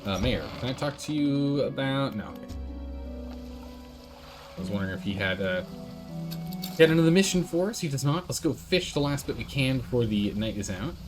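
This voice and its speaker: A man streaming a game, chatting casually and thinking aloud as he reads the game text. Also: mid-range voice. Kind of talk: casual let's-play commentary. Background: game music.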